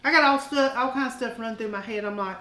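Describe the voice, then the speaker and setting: A woman's voice: fairly high pitch, quick pace, sharp tone, roomy sound. A woman hosting a home cooking channel, chatting folksy and casual with viewers during a taste test.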